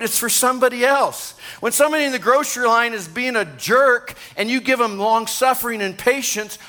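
Pastor guy preaching in church, high bright voice, gets all fired up and jokes around. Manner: energetic, excitable, jokes with congregation. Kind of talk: sermon.

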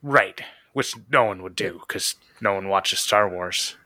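A young man co-hosting a casual podcast chat, reading out listener questions and joking with quick laughs. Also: deep voice, pushed and bright, no echo. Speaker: podcast co-host.

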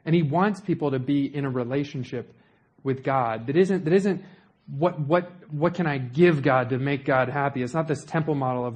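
A man's voice: mid-range voice, moderate pace, darkish tone. A young man preaching a sermon in a conversational way, with joking asides to the congregation.

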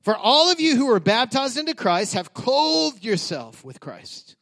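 A man's voice: very high voice, sing-song, unhurried, a bit bright. A middle-aged man, a pastor, preaching a conversational sermon that climbs to emphatic peaks.

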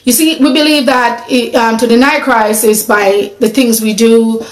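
A woman's voice: a little high, fairly even intonation, moderate pace, echoey room, faint music behind, poor audio. A woman preaching a sermon in an earnest, conversational way, asking her listeners questions.

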